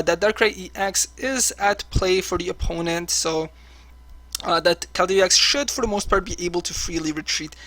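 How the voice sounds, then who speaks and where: A man's voice: sits high, a bit bright. A man commentating his own online card game match as he plays, chatty and full of filler words. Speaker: online card game player and channel host. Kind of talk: live gameplay commentary.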